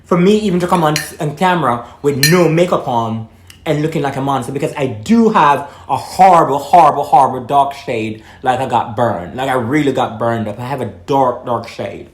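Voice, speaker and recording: A blunt, outspoken young woman from Jamaica talks straight to camera and swears without a second thought. Her pitch jumps high and drops low as she makes her points. The room around her has a clear echo. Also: normal speed. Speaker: vlogger. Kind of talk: casual monologue to camera. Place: room with echo, eating while talking. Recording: echoey room.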